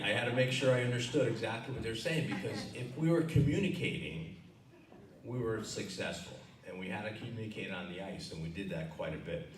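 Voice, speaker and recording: An older man with a Connecticut accent gives a dinner acceptance speech in a loose, conversational way, padding his thoughts with fillers. His voice sits on the low side. He is picked up from a distance in a roomy banquet hall, with a faint hum behind him. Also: a bit bright. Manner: conversational, rambling with many fillers. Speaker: hall of fame inductee giving acceptance speech. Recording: echoey hall, recorded from far off.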